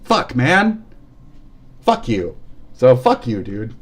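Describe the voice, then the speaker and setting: A young man streaming live, ranting with constant swearing, swinging between heated outbursts and low muttering. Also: huge pitch swings, takes it slowly. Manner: heated, swearing, shouting insults then dropping low and muttering. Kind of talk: angry profane rant on a live stream.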